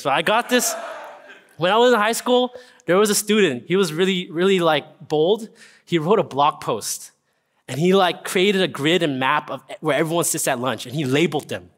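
A young man preaching a casual, earnest sermon, often checking in with listeners with a quick "right?". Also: fairly high pitch, expressive, a bit bright. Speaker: pastor. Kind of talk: conversational sermon.

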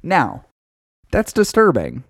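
A man co-hosting a podcast, telling a story in casual, profane, animated chat. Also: on the high side, slow pace, slightly rough, dry recording, studio quality. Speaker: podcast co-host.

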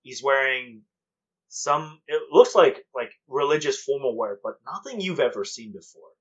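Halting man running a tabletop game. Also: mid-range voice, animated, fairly bright tone, slightly rough. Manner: measured, halting narration with fillers. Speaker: game master. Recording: dull lo-fi sound.

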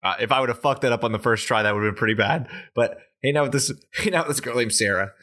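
A man's voice: mid-range voice, racing, sharp tone. A man co-hosting a podcast, casually telling a long story and swearing now and then. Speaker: podcast co-host. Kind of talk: casual chat.

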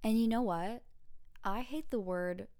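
A woman's voice: a little high, measured pace, a little mellow, clear, resonant tone, no echo, clean studio sound. A woman podcast host and student, ranting casually and with emphatic exasperation about her pet peeves. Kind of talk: casual rant.

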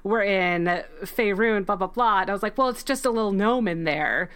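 A woman's voice: mid-range voice, normal speed, fairly bright tone, clear, resonant tone. A woman co-hosting a podcast in casual chat, rambling and giggling as she tells stories. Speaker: podcast co-host.

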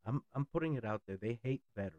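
A man's voice: mid-range voice, lively intonation, very fast, darkish tone, dry recording, highs cut off. A man in a blunt, sarcastic ranting monologue who swears freely. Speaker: political commentator.

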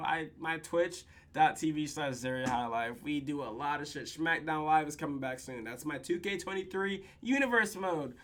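A podcast host, casually and profanely recapping a TV episode with lots of laughter, tired late at night. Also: medium pitch. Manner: profane, laughing, animated retelling.

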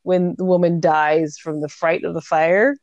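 A woman's voice: lowish voice, level tone, measured pace, a little mellow, no room sound, muffled recording. Wry young woman rambling about a plot. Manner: wry, rambling, casual filler words. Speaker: podcast co-host. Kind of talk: casual book discussion.

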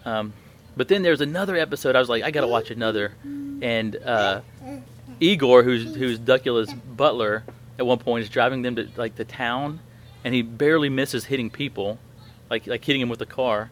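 A man's voice: medium pitch, a little fast, fairly bright tone. A man in his thirties hosting a podcast, telling a story in a rambling way with many fillers and restarts. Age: 30s. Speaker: podcast host. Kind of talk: casual chat.

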